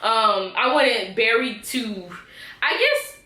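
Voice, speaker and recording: A woman's voice: on the high side, animated, slow pace, sharp tone, echoey room. A woman recapping a TV episode in a casual vlog, chatty and acting out the characters' lines. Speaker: TV episode reviewer.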